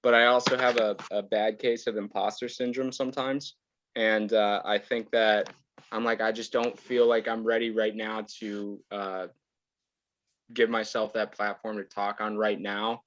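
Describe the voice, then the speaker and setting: A man's voice: on the low side, little pitch movement, a little slow, a bit bright, highs cut off. A man in his twenties, a podcast guest, chatting casually in a laid-back, rambling way and laughing often. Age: 20s. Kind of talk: casual chat.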